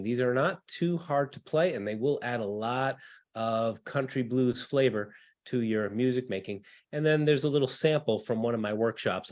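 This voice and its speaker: A man coaching a ukulele class over a video call, upbeat and encouraging. His voice sits at an everyday middle pitch, and he walks students through chords and rhythms in plain, friendly teacher talk. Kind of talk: online music lesson.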